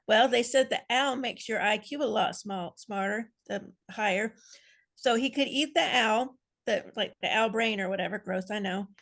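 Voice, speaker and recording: A woman's voice: medium pitch, moderate pace, creaky, fairly bright tone. A woman fan panelist on a video call, rambling playfully through a speculative idea and adding amused asides. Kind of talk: casual video-call chat.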